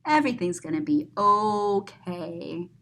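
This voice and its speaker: A woman's voice: lowish voice, lively intonation, unhurried, a bit bright. A woman teacher reading a picture book aloud to children, dramatic and describing each picture aloud with gasps and exclamations. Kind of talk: expressive children's read-aloud.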